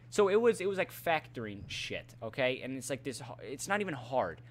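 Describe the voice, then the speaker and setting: On a vlog, a student (a teenage boy) rants angrily about school in a mid-range male voice with big pitch swings. He talks briskly with hardly any pauses, swearing and sounding exasperated, and keeps stumbling over his words and starting again.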